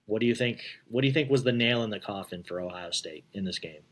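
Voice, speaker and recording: A man's voice: fairly low pitch, fast. Chatty man co-hosting a podcast. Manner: chatty, laughing, asks questions. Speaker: podcast co-host. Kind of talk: casual sports chat.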